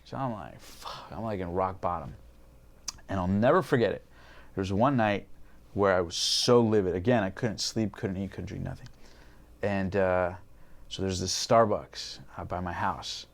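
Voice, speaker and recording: Young man, twenties, lowish voice, podcast guest, candid storytelling, salty language. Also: moderate pace, gravelly. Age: 20s. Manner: swears freely, acts out his past thoughts.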